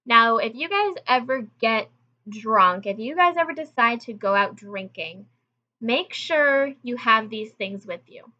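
A woman's voice: on the high side, animated, a little slow, bright, forceful tone, highs cut off. A young woman hosting her own channel, telling a story in a casual, chatty way straight to her viewers. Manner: chatty, conversational, addresses viewers directly. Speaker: channel host.

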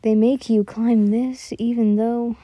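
A woman voicing a calm, loyal young man from a royal court, gentle and reassuring, while reading a story aloud. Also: on the high side, takes it slowly, no room sound, muffled recording.

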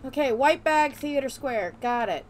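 A woman's voice: sits high, expressive, moderate pace, slight background noise. A woman hosting a let's play, chatting casually and cracking playful jokes as she plays. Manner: playful, joking banter. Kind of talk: casual gaming commentary.

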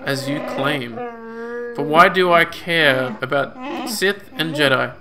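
A man reading a proud, scheming male Wookiee chieftain's lines with slow, pompous proclamations. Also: fairly high pitch, expressive, crowd noise. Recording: game music under voice. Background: game music.

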